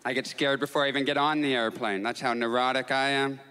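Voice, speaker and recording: A man performing a stand-up comedy set, telling neurotic, self-mocking stories and jumping into high excited outbursts. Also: quick pace, slight background noise. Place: stage in a comedy club with audience. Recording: live club recording with long reverb, faint crowd.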